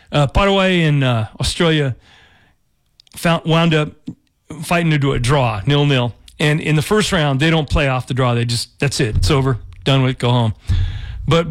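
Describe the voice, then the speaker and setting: A man hosting a community radio show in a studio, talking casually in a rambling, jokey way with restarts and laughs. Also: fairly high pitch. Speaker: radio DJ host.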